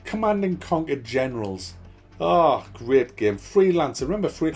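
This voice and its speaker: A man's voice: a little high, sing-song, measured pace, darkish tone, slightly rough. A middle-aged man hosting a gaming channel, ranting with nostalgia, swearing a lot and repeating game titles over and over.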